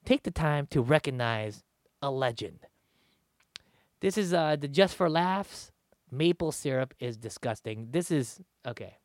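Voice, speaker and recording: A comedian talking on stage in a rambling, halting way, often laughing. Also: medium pitch, lively intonation, no echo, studio quality. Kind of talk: casual stage talk.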